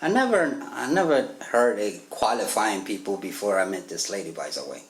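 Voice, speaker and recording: At a recovery meeting, an African man with an African accent shares his personal testimony, laughing often and acting out the quotes in his story. His voice sits on the low side, with lively intonation and a brisk pace. The meeting room sounds echoey, with faint ambience.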